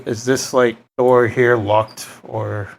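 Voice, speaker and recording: A man's voice: mid-range voice, flat delivery, takes it slowly, creaky. A man playing a tabletop game, talking hesitantly with lots of fillers.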